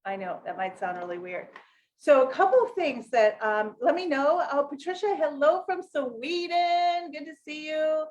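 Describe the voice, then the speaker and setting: A woman's voice: sits high, expressive, moderate pace, dull audio, slight background noise. A middle-aged woman from the United States hosts a casual live session as a business coach, rambling with lots of fillers and self-corrections and greeting viewers by name. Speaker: network marketing coach hosting a live session. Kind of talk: casual livestream talk to viewers.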